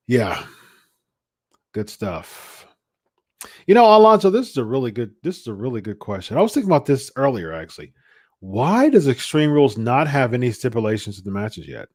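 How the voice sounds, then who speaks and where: A man's voice: mid-range voice, darkish tone, no echo, studio quality. A man hosting a live podcast, chatting casually and chuckling, often repeating himself. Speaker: podcast host. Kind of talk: casual live-stream chat.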